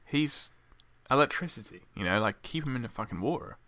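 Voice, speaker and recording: A man's voice: medium pitch, expressive, fairly quick, sharp tone, no room sound. A man co-hosting a casual film commentary, joking sarcastically and crudely as he mocks the movie.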